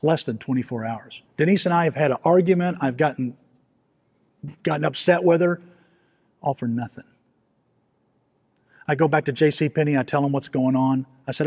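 A man preaching a storytelling sermon, animated and self-mocking, acting out the scenes he recounts. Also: a little high, moderate pace, long pauses, slightly rough. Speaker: pastor. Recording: long hall reverb.

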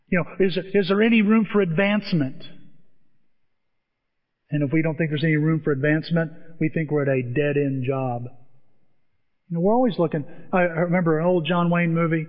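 A man preaching a sermon, telling stories in a lively way and acting out the voices of the people he quotes. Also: a little high, fairly quick, pauses often. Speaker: pastor. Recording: dull sound with long hall reverb.

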